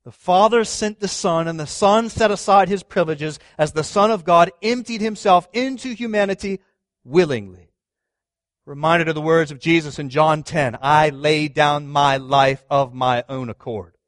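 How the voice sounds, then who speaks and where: A man's voice: a little high, normal speed, no echo, studio quality. Emphatic man preaching a sermon. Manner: emphatic, asks the congregation questions, swings from loud to hushed. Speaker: pastor.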